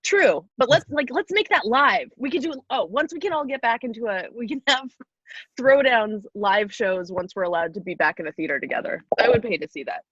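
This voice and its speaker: Young adult woman, casual podcast chat, slightly high voice, muffled dry audio. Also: sing-song, normal speed, fairly bright tone, breathy edge, no echo. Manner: chatty, laughs often, jumps between ideas. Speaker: guest pitching podcast ideas.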